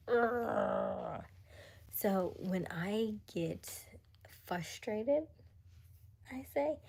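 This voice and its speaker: A woman's voice: mid-range voice, vocal fry, darkish tone. Chatty laughing woman hosting a live stream. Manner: chatty, laughs often, drops to whispery asides. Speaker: livestream host. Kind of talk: casual live chat with viewers.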